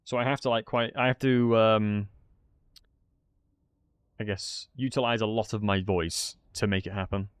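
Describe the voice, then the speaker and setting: A man's voice: fairly low pitch, steady tone, normal speed, pauses often, clean tone, no room sound. A man giving casual commentary while playing a strategy game, chatting and thinking aloud. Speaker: gaming streamer.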